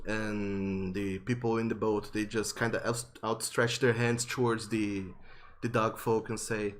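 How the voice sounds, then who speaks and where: A man narrating a tabletop game as game master, unhurried and descriptive with frequent fillers. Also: on the low side, flat delivery.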